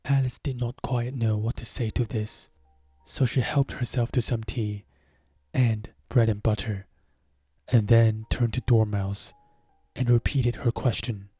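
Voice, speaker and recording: Slow, dark-voiced man reading a story. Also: mid-range voice, fairly even intonation, breathy edge, dry recording, soft background music. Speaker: narrator.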